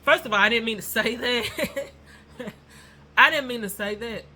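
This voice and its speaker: A woman's voice: on the high side, a little slow, pushed and bright. A woman telling a rambling story to her viewers in a casual vlog, chatty and addressing them as y'all. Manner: self-described nervous and non-confrontational. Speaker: YouTuber.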